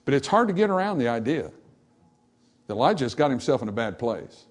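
A man preaching a sermon, animated and acting out the voices in the scripture passage, then dropping to softer, reflective tones. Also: mid-range voice, brisk. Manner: animated, acts out dialogue from scripture. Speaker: pastor.

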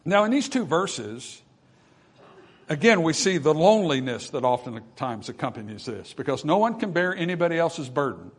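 A man preaching a sermon, repeating phrases and asking the listeners whether they follow, moving from hushed passages to loud emphatic ones. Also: on the high side, sing-song, moderate pace, husky. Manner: repetitive, addresses audience with questions.

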